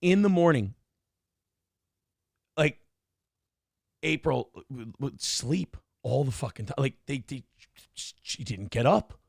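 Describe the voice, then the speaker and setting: A man's voice: mid-range voice, slow, gravelly, long pauses, breathy edge, dry recording, studio quality. A man hosting a morning talk show, telling stories in casual, profane chat and swearing freely. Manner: animated storyteller, swears freely.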